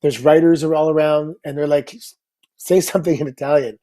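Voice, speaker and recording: A man's voice: on the high side, a little fast. A middle-aged man, a former pro wrestler, telling stories as a guest in a casual interview, acting out the voices of people he quotes. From Canada. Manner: animated, acts out quoted voices.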